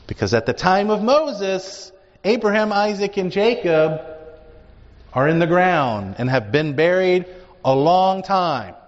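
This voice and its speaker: A man's voice: sits high, big pitch swings, slow. A man teaching a Bible class, explaining emphatically and asking rhetorical questions. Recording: dull recording with hall reverb.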